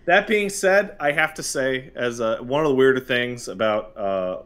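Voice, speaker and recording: This podcast host has a smooth, medium-pitched voice at normal speed. He's from Montreal, has a Canadian accent, and spins animated, jokey stories during a relaxed podcast chat.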